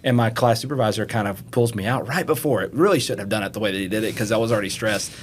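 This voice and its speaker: A middle-aged man from Eastern Kentucky, an FBI agent guesting on a podcast, telling stories in an animated way and acting out what people said. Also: fairly low pitch, racing, a little hiss or hum. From Eastern Kentucky, USA. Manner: animated storyteller, acts out quotes. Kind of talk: casual interview storytelling.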